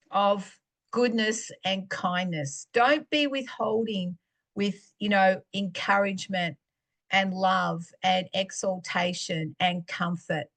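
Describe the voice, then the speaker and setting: A middle-aged woman, sharing a faith testimony in a chatty, animated storytelling way. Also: medium pitch. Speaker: podcast host.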